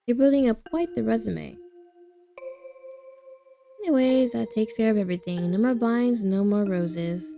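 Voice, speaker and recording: Brief: woman playing a teasing young witch sidekick in a visual novel, mellow dry delivery. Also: fairly high pitch, moderate pace, gravelly, pauses often, soft background music. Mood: wry. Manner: dry, joking, gently teasing. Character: wry young witch, loyal best friend.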